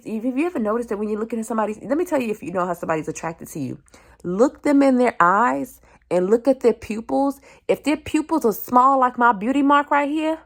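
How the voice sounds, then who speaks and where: A woman's voice: a little high, vocal fry. A young woman, venting in a candid vlog and speaking bluntly with heavy swearing and slang into a phone camera. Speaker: vlogger.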